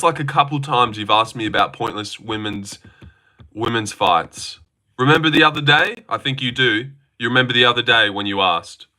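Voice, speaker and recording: Young man, live stream chat reading, sarcastic, swears a lot, bright tense voice. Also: medium pitch. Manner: sarcastic, argumentative, swears freely.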